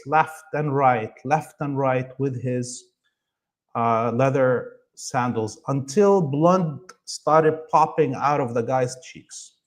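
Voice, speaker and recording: A middle-aged man, a guest in an interview, telling a story in an emphatic, animated way with many fillers and restarts. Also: mid-range voice.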